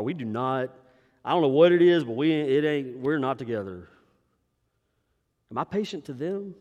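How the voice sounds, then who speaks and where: Pastor preaching in a reverberant hall. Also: male voice, on the high side. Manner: preaching with emphatic rises and hushed drops. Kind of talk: sermon. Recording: long reverb of a large hall.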